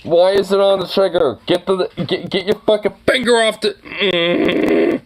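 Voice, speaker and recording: A man giving casual, animated reaction commentary on gun videos, swearing often and laughing at the clips. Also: sits high, unhurried.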